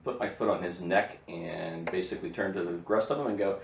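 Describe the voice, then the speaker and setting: A man's voice: sits low, brisk, gravelly, highs cut off. A man playing a tabletop game, joking, swearing casually and laughing often. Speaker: player. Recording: echoey room with background noise.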